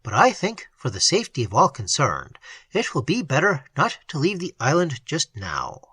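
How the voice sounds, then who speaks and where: Narrator as composed male doctor, quiet authority, bright and husky tone, dry close sound. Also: medium pitch, wildly swooping pitch, no room sound, heavily acted. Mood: authoritative. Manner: quiet, measured, decisive.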